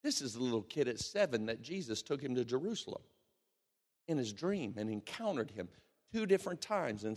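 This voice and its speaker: Preaching man in a reverberant hall. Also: mid-range voice. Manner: animated preaching, swings between hushed and loud. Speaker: pastor. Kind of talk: sermon.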